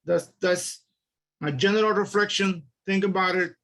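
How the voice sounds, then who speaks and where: Earnest, halting higher-voiced man. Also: steady tone, a bit bright. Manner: earnest, halting, repeats words. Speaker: council member. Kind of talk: reflective public remarks.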